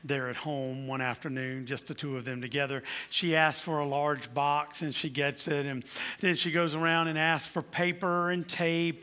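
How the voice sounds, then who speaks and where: A man's voice: fairly high pitch, bright, forceful tone, smooth. A man preaching a Christmas sermon, building to emphatic declarations and telling stories to his congregation. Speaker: pastor.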